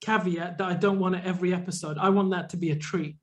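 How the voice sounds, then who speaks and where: A man with a high voice co-hosts a casual podcast chat. He talks in a dry, teasing way, with easy fillers. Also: fairly even intonation, fast. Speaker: podcast co-host.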